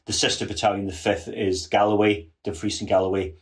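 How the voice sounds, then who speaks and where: A man with a lowish voice explains military history as a podcast guest. He is earnest and thorough, with frequent false starts and restarts. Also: flat delivery, fairly quick. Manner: earnest, detailed, many restarts. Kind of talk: casual history podcast chat.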